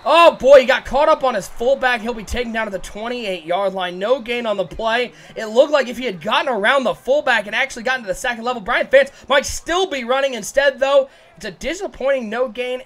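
A man doing excitable play-by-play commentary for a video game football broadcast, joking and shouting on big plays. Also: very high voice.

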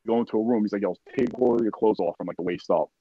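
The voice is on the low side, quick and a bit breathy: a veteran guest on a podcast giving a profane, animated account from the war. He voices others' quotes and peppers his casual speech with "like" and "you know," in dry, dull audio with no echo.

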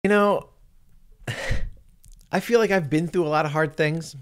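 A man's voice: fairly high pitch, slow pace, smooth. A man hosting a casual podcast chat, joking and laughing at his own lines. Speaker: podcast host.

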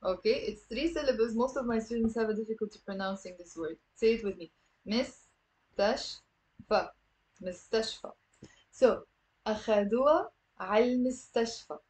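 A woman from Lebanon, a native speaker of Lebanese Arabic, teaching a live online lesson. She repeats words slowly and coaxes viewers to say them back. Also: a little high, a little mellow, rough recording. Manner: patient, drills words aloud, coaxing viewers to repeat. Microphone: computer camera mic.

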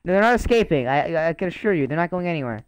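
A man's voice: on the high side, expressive, rapid-fire, clear, resonant tone, rough recording. Bossy young man barking orders. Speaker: game player acting as prison guard. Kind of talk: casual game role-play over voice chat.

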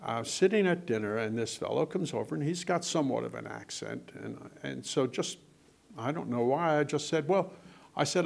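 A man's voice: mid-range voice, lively intonation, normal speed, gravelly, a little mellow. An older man, an author, chatting and telling anecdotes with lots of quoted dialogue. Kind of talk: casual storytelling in conversation.

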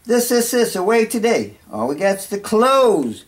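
A man's voice: sits high, very animated, unhurried. A man chatting casually in a vlog, rambling and joking as he talks to himself between songs. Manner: rambling, jokey, talking to himself. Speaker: musician vlogger.

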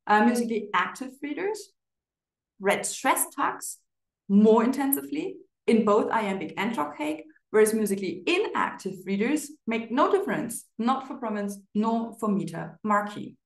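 A woman giving an academic conference presentation of research results, measured and paused with frequent fillers. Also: a little high, expressive. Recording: roomy echo.

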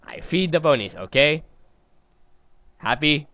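A man's voice: on the high side, animated, unhurried, sharp tone, no room sound. A man hosting a let's play, rambling and giggling through casual gameplay commentary as he talks to himself.

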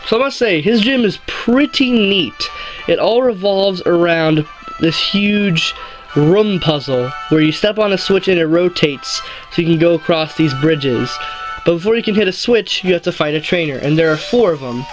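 A male let's play host talks through his game in a loose, rambling way, cracking small jokes and correcting himself mid-sentence. His voice sits a little higher than most men's, and quiet game music plays under him. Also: lively intonation, normal speed, low-quality recording. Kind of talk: casual gameplay commentary.

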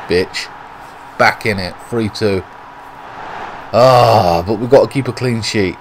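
A British man mutters and swears his way through live commentary on his own football video game. His voice sits a little low, and he talks to himself between moves. A steady noise hums clearly behind him. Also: takes it slowly, long pauses. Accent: British English. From Britain. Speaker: gaming YouTuber.

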